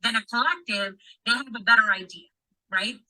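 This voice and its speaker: A woman's voice: fairly high pitch, a little fast, sharp tone, low-quality recording. A woman chatting casually on a podcast, swearing freely and acting out quoted dialogue as she tells a story.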